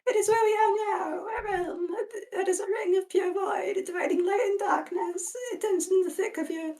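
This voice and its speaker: A woman's voice: extremely high pitch, fairly even intonation, normal speed, warm tone, poor audio. A woman voicing a mischievous, cryptic old grandmother ghost, with a doddering and affectionate manner. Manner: doddering and affectionate, calls people dear. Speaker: reader in a group readthrough. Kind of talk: live unscripted fan script reading.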